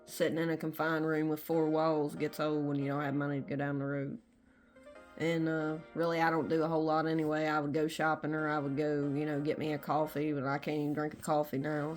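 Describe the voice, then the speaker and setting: A woman with a Southern American accent, rambling candidly in a casual personal vlog from her room. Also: deep voice. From Southern United States. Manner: rambling and candid, many fillers. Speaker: vlogger. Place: small bedroom at home.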